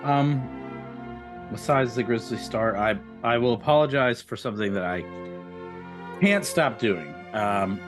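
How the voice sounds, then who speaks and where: A man co-hosting a podcast in casual chat, easygoing and jokey. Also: lowish voice. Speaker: podcast co-host.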